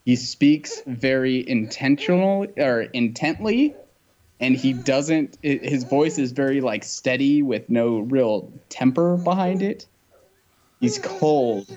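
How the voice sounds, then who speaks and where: A man in a casual movie review chat, wry and quick to laugh. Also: medium pitch, expressive, a little mellow, lo-fi sound.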